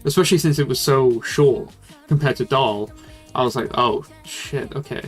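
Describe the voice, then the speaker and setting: A young music-reviewing streamer speaks at normal speed in a medium-pitched voice with a breathy edge. Faint music plays in the background as he rambles through casual commentary, with fillers and the odd swear.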